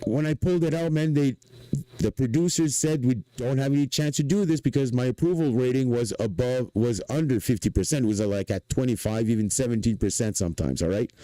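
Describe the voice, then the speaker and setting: Québécois guy streaming from home: dark, mellow voice, excitable rambling, swears a lot, dry sound. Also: mid-range voice, no room sound, rough recording. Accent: Québécois French. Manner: rambling, excitable, profane, repeats himself. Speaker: livestreamer and inventor. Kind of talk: casual livestream rant.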